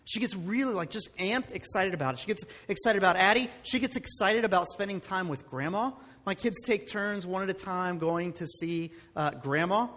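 High-voiced pastor preaching in a reverberant hall. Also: male voice, moderate pace, few pauses. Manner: animated and conversational, full of rhetorical questions. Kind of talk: sermon.

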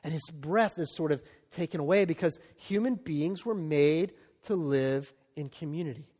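High-voiced male pastor preaching in a hall. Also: moderate pace, darkish tone. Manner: conversational preaching with frequent "right?" and "okay?" asides. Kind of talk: sermon.

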